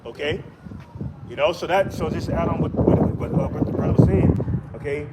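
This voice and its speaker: A man's voice: fairly high pitch, moderate pace. A man preaching outdoors, rambling with many fillers and restarts. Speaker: street preacher. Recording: loud wind and traffic noise.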